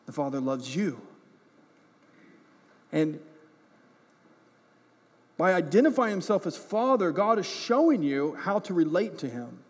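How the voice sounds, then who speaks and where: A man's voice: sits high, sing-song, unhurried, pauses often, husky. Impassioned male pastor in an echoey hall. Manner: impassioned, repeats words when stressing a point. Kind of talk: sermon. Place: church.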